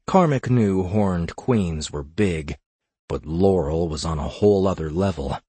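A man narrating a fantasy audiobook in a measured, steady storytelling manner. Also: low voice, breathy edge, no room sound.

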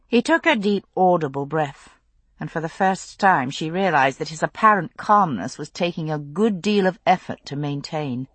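Husky expressive woman narrating a novel. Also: deep voice, normal speed, no room sound. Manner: expressive, intense storytelling. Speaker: audiobook narrator.

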